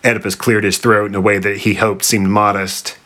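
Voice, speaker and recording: A man narrating a comic story in a dry, deadpan manner. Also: lowish voice, a little fast.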